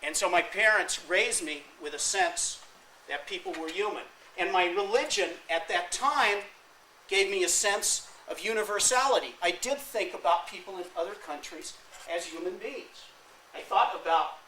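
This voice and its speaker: A man in his fifties recounts his family history to a university class, dropping wry asides as he goes. His voice sits a little high for a man. The mic is some distance off, with a faint hum of the room behind him. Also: pushed and bright. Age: 50s. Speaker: guest speaker. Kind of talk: classroom talk. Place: university lecture hall.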